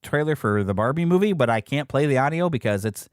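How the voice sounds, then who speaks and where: A man from the United States hosting a podcast, speaking in a chatty, rambling, animated way. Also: mid-range voice, fast, clean tone, no room sound, studio quality. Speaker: podcast host. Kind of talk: casual chat.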